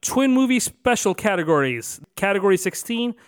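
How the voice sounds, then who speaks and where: A man co-hosting a casual podcast in a fairly high voice, punching out each category like an announcer before slipping back into loose chat. The sound is dry and close, with no room around it. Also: big pitch swings, moderate pace, clear, resonant tone, no echo. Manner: announces numbered categories with lifted emphasis, then chats loosely. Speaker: podcast co-host.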